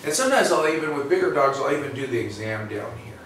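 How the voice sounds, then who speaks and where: A man's voice: medium pitch, animated, fast, a bit bright. A man, a veterinarian, explaining and demonstrating in a folksy, rambling way full of restarts, recorded in a clinic exam room. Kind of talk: instructional demonstration. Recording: roomy, distant, faint noise.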